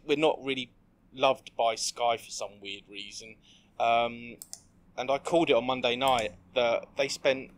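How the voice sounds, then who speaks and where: A man's voice: medium pitch, a bit bright. A man co-hosting a casual football podcast, rambling and hesitant with frequent ums. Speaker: podcast co-host.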